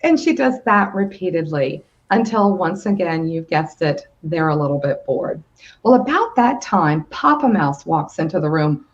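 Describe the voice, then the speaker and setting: A woman telling a children's story as a guest on a video call, lively and inviting the listener to join in. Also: low-pitched, normal speed, highs cut off.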